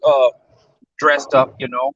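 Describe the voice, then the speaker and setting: A man's voice: mid-range voice, little pitch movement, takes it slowly, fairly bright tone, no echo. A man telling a casual, rambling story with many fillers on a talk show. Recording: dull with faint noise.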